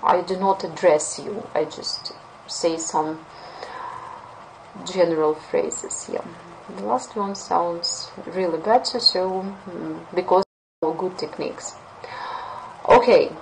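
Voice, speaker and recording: A woman English teacher with a Russian accent running a webinar lesson, lively and playful as she acts out example phrases. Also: on the low side, slow pace, vocal fry, a little hiss or hum, low-quality recording.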